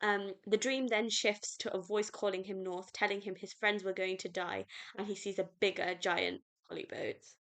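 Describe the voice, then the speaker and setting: A woman's voice: mid-range voice, steady tone, moderate pace, hardly any pauses, fairly bright tone. A British woman hosting a casual solo book review podcast, rambling and gushing with lots of fillers. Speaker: podcast host.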